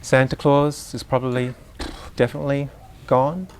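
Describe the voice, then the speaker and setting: A man giving a live lecture on education, talking in a conversational, unhurried way with asides and questions put to the audience. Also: mid-range voice, level tone, slight background noise.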